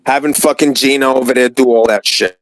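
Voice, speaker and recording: A man's voice: medium pitch, steady tone, a little fast, no echo, low-quality recording. A man ranting profanely in a heated live-stream chat, repeating himself as he airs a grudge. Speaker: stream participant.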